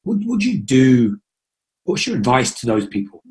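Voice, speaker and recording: Playful guy hosting a chat show, just chatting, normal pitch. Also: big pitch swings, normal speed, darkish tone. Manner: playful, jokey. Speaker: talk show host. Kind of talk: casual chat.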